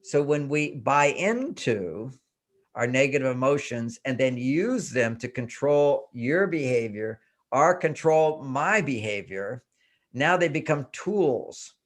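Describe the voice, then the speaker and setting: Speaking slowly at a medium pitch, this older relationship expert lays out his views as an interview-show guest. He stresses points with animation and returns to the same phrases again and again.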